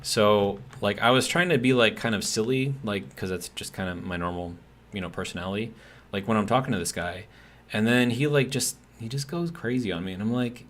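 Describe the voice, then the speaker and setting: A man's voice: on the low side, a little fast, a bit bright. A man streaming a game, telling a long, exasperated work story in a rambling, casual way with lots of fillers. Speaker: gaming streamer. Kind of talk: casual ranting chat while gaming.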